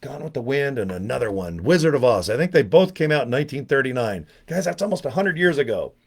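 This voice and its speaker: Older male vlogger, 60s, loose digressive delivery with wisecracks and asides, average pitch. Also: expressive, quick pace, husky. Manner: joking, digressive, self-mocking asides. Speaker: online business vlogger. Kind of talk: rambling casual monologue to camera.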